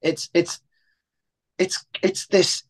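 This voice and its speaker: A man hosting a podcast talks in an exasperated rant, swearing freely. His pitch leaps up sharply and drops again as he hammers his points home. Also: drawn-out words. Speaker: podcast host. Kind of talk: heated podcast discussion.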